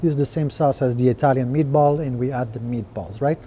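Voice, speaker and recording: Brisk and dark-toned at a medium pitch, a man who owns restaurants gives a casual walkthrough of his menu on a screen share for his podcast, with lots of fillers and "right?" checks. Some slight background noise is present.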